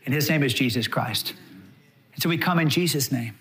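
A male pastor preaching a sermon in an animated way, acting out quotes as he goes. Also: medium pitch, brisk.

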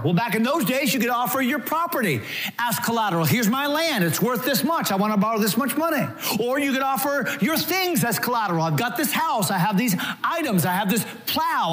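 A male pastor preaches in a high voice, his pitch rising and falling with lively animation. He slips into quoted voices to act them out.

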